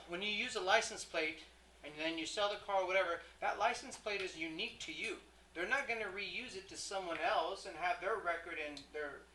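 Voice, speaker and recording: A math teacher works through a lesson in a classroom. The voice is strikingly bright and crisp, sitting at a middling pitch. The teacher keeps checking in with the students, throws questions to them and fixes their own slips on the fly. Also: a little hiss or hum, rough recording. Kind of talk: classroom lecture.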